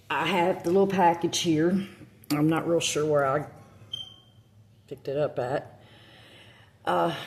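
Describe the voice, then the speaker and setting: A woman's voice: deep voice, dark tone, roomy sound. A woman with a Southern accent chatting casually to her phone camera, rambling with lots of ums and self-corrections. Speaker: witch vlogger.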